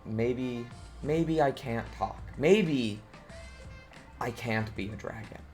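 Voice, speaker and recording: A man voicing a timid, hopeful male farm dog that talks softly and hesitantly, doubting himself, in an improvised bedtime story. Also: mid-range voice, takes it slowly, soft background music, close to an everyday voice. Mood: wistful. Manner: soft, hesitant, self-doubting.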